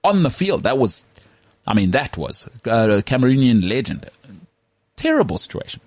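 A man co-hosting a casual sports podcast, animated and jokey, often slipping into mock voices. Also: mid-range voice, moderate pace, dry recording. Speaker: podcast co-host.

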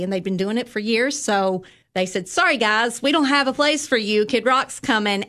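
A woman with a Southern US accent, a visitors' bureau guest telling upbeat stories in a casual interview. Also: mid-range voice. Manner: animated storyteller, upbeat and chatty.

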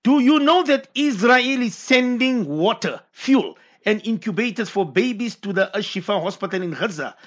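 Brief: male host, high voice, reads listener questions and chimes in with short agreements. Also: expressive, moderate pace, few pauses. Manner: brief affirming interjections, reads questions aloud. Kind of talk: Q&A on a talk show.

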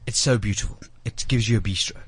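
A man's voice: lowish voice, fast talker, slightly rough. Enthusiastic male radio host. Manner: enthusiastic, raving. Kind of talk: casual banter.

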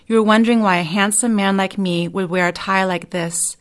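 A woman's voice: medium pitch, fairly even intonation, brisk, natural voice. A woman reading the lines of a wealthy, teasing businessman in a short story. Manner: boastful, teasing. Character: wealthy jovial older businessman.

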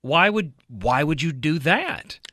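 A man's voice: a little high, lively intonation, slow pace, bright, forceful tone, no room sound, studio quality. A man chiming in with wry, skeptical remarks in casual chat. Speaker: podcast co-host.

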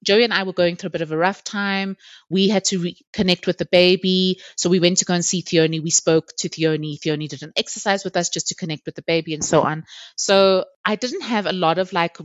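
A woman's voice: on the low side, steady tone, brisk, dry recording. Woman in her thirties, podcast guest, candid storyteller who laughs often, dry and slightly dull lo-fi sound. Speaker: interview guest. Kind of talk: personal storytelling in a podcast chat.

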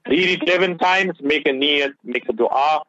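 A man's earnest religious talk on radio blends English with Urdu and Arabic as he passionately offers Islamic advice. His voice is on the high side, pushed and bright, at normal speed; the dull lo-fi audio has no room sound.

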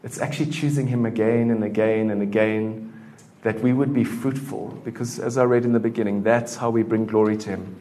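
A man's voice: mid-range voice, warm tone. Man preaching in a casual, chatty way. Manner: casual, conversational preaching with many fillers. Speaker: pastor. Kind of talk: sermon. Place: church.

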